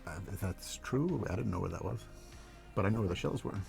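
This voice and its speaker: Laid-back low-voiced male streamer. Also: expressive, fairly quick, gravelly, darkish tone, faint music behind. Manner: laid-back, chuckles while telling stories. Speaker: livestream host. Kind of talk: casual storytelling on a livestream.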